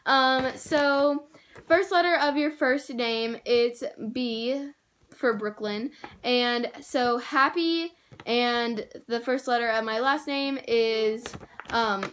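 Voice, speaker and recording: Gushing high-voiced young woman vlogger. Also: slow, a bit bright. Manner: gushing, lots of "oh my gosh" and "like". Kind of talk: excited haul vlog.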